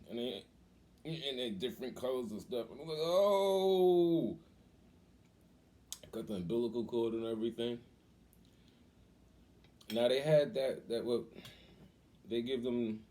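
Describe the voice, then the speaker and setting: A man casually telling a story on his vlog, animated and acting out the voices of people in it. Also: lowish voice, a little hiss or hum. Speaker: cooking vlogger.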